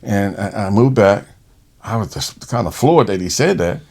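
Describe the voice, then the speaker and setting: A man who works as a respiratory therapist, telling a personal story in conversation in an animated way. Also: fairly low pitch, normal speed. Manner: animated, acts out quoted voices.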